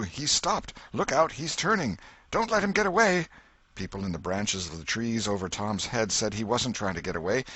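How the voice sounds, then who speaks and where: A man narrating a classic novel as an audiobook, dramatic and expressive in his storytelling. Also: deep voice, husky, no room sound. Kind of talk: scripted narration.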